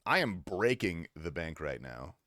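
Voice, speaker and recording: A man's voice: deep voice, sing-song, measured pace, fairly bright tone, no room sound. A young adult man streaming a game, talking casually with loose, profane, teasing banter to his chat on a close desk mic. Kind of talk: casual gaming livestream commentary.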